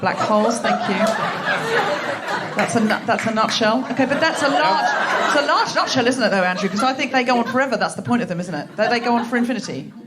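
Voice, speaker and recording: Comedy host, woman, fairly high voice, teasing live banter, crowd heard. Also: fast. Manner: teasing, laughing, playful banter. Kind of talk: live comedy show audience chat. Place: live venue with audience. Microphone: handheld mic. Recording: live show with audience crowd noise. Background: audience laughter.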